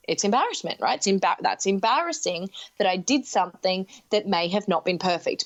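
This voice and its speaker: A woman hosting a podcast, talking enthusiastically in quick bursts and often interrupting herself. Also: medium pitch. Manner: enthusiastic, talks in rapid bursts with self-interruptions. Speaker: podcast host. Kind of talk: casual podcast conversation. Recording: dull, muffled podcast audio.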